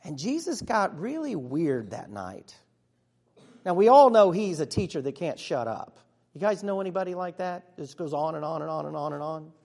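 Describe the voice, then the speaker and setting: A man playing an excitable disciple, high voice. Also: normal speed, creaky, heavily acted. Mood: earnest. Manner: conversational storytelling with sudden hushes and bursts. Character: earnest, excitable male disciple of Jesus telling his story. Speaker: actor in a church monologue. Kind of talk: first-person dramatic monologue. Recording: long reverb of a large hall.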